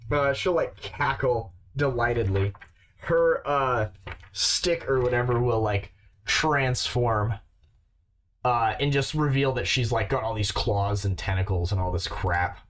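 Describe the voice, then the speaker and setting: A man running a tabletop game as game master, relaxed and halting, with many fillers. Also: medium pitch.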